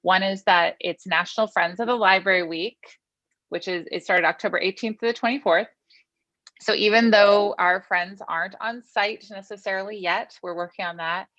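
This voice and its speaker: A woman's voice: medium pitch, fairly even intonation, moderate pace, a bit bright, no echo, highs cut off. A woman from the library staff giving a chatty, upbeat report to a meeting over a video call.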